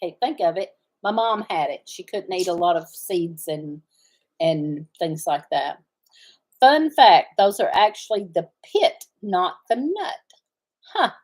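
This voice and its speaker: A woman's voice: fairly low pitch, big pitch swings, unhurried, a little mellow. A middle-aged woman, hosting a casual farm livestream and chatting in a rambling way, often stopping to search for the right word. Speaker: farm channel host.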